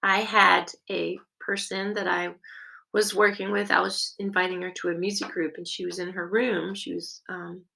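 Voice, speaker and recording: Woman teaching caregivers, super gravelly voice, gentle and encouraging, a few ums. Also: mid-range voice, normal speed, low-quality recording. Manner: gentle, encouraging, expressive with occasional fillers. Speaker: music caregiving educator.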